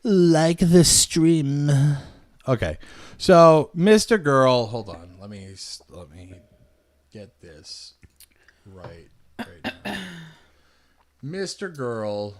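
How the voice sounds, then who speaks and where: Slow, mumbling male streamer. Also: mid-range voice, big pitch swings. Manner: offhand, trails off into mumbles. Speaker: streamer host. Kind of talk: casual livestream chat.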